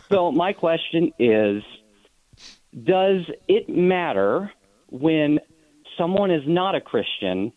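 A man's voice: fairly high pitch, big pitch swings, extremely slow, long pauses, no echo. A man calling in to a radio show to ask an earnest question. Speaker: caller. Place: in a car. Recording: tinny phone line.

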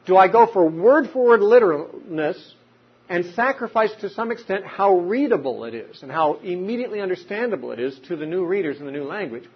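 Guy teaching bible stuff, kinda husky voice, dull lo-fi recording. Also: sits high, animated, a little fast. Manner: explanatory, uses examples and rhetorical questions. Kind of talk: unscripted teaching talk.

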